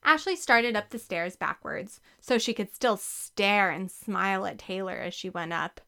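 A woman narrating a children's book with a lively, expressive reading. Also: mid-range voice, a little slow, vocal fry. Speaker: audiobook narrator. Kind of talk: scripted narration.

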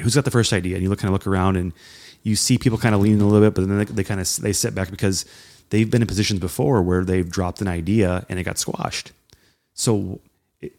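A man co-hosting a casual talk on leadership, animated and often acting out what people say. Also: low-pitched. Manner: animated, acts out quoted voices. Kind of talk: casual conversation about leadership.

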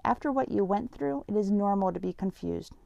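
A woman reading a story aloud, voicing a calm hospital nurse who reassures a confused patient. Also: mid-range voice, brisk, creaky, highs cut off. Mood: reassuring.

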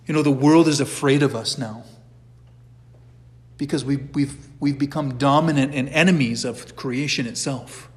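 Middle-aged male church teacher, relaxed and conversational, frequent restarts, recorded with long hall echo. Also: medium pitch, moderate pace. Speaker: catechism teacher. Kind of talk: informal church class lecture.

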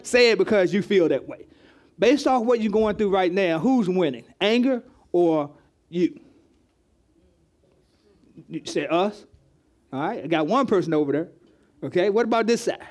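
A man preaching a sermon as pastor, conversational and lively, calling on members of the congregation and repeating words as he teaches. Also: sits high, moderate pace, pauses often. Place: church hall with congregation.

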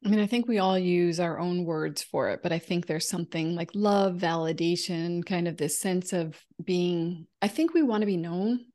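A woman with a fairly low voice speaks as a guest on a podcast. She talks in a thoughtful way, pausing to find the right words as she goes. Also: warm tone. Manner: reflective, searching for words. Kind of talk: conversational podcast chat.

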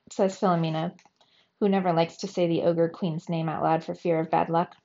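A woman reading a children's book aloud in a steady storytelling manner. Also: lowish voice, normal speed, dull audio. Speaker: reader.

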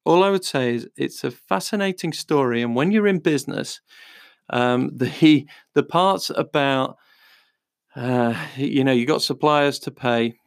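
A man's voice: mid-range voice, measured pace, gravelly, dry recording, clean studio sound. A man talking casually as a podcast host, recommending books in a chatty, rambling way with lots of fillers. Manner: chatty, rambling with fillers, reads blurbs aloud. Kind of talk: casual book-recommendation talk.

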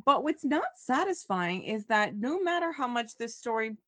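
Animated woman recapping a soap opera. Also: fairly high pitch, normal speed. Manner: animated, acts out characters' lines mid-story. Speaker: podcast co-host. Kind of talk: casual soap recap chat.

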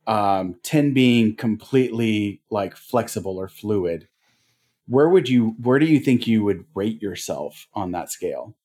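A man's voice: mid-range voice, a little mellow. A man co-hosting a casual podcast chat, rambling with many fillers and laughing easily. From family ties to North Dakota. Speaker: podcast co-host.

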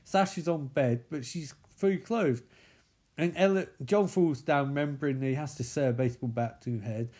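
A man's voice: fairly high pitch, moderate pace. Sweary man riffing on a movie. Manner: sweary, excitable, sarcastic. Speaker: movie commentator. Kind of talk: casual running movie commentary.

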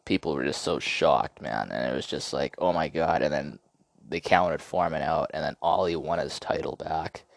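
Low-voiced man telling stories with hype. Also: moderate pace, creaky, dry recording. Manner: rambling, profane, excitable. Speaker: podcast host. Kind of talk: casual podcast storytelling.

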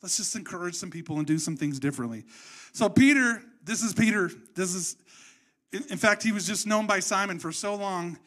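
A man preaching a sermon in an animated, conversational storytelling way. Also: sits high, normal speed. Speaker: pastor.

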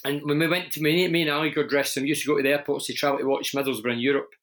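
A middle-aged Glaswegian man with a broad accent, speaking candidly in a relaxed interview. His voice sits a little high for a man, and he tells his stories with many restarts and asides. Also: very fast. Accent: Glaswegian Scottish. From Scotland. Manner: candid, storytelling, frequent restarts. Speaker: interview guest, former footballer and radio presenter. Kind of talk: conversational interview.

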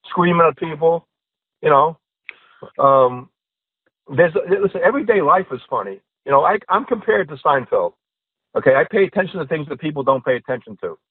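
A man's voice: fairly high pitch, no echo. A man, a stand-up comedian, telling jokes in a casual podcast chat and acting out the characters in them. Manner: animated storyteller acting out joke characters. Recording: tinny phone-like line.

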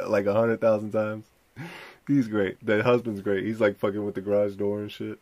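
A man's voice: on the low side, flat delivery, moderate pace, darkish tone. A young man hosting a podcast, rambling and profane as he reacts to clips and tells a story. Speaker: podcast host. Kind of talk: casual commentary reacting to clips.

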